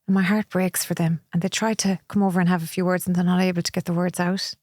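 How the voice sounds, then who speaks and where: A middle-aged Irish woman talks through her experiences in a candid, reflective way. Her voice sits a little low for a woman, and the recording is close and dry. She now and then acts out what other people say to her. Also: little pitch movement, quick pace, a little mellow, no echo. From Ireland. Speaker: podcast guest. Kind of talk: conversational interview.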